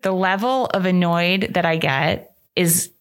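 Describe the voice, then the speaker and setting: With an unhurried, lowish voice, a New York City woman hosts a podcast alongside her best friend. Their talk is a casual chat between friends, and she stays playful, laughs a lot, and hops from one idea to another.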